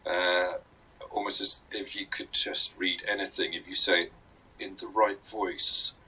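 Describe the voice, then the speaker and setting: Man, guest comedy writer, casual podcast chat, low voice, bright tone, giggly, playfully sweary. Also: level tone, unhurried, slightly rough, poor audio.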